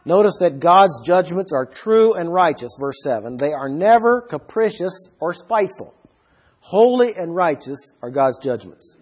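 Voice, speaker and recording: A man with a slightly husky, somewhat higher voice gives a Bible study lecture. He explains the verses step by step and keeps putting rhetorical questions to his listeners. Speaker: Bible teacher.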